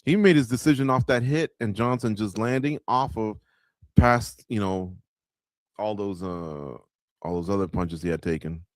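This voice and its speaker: A man's voice: on the low side, moderate pace, dry recording, clean studio sound. A man hosting a live watch-along of a fight night, breaking down the action in a loose, conversational way and speaking straight to the viewers. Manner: conversational, talks to viewers, lots of filler words. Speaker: radio show host.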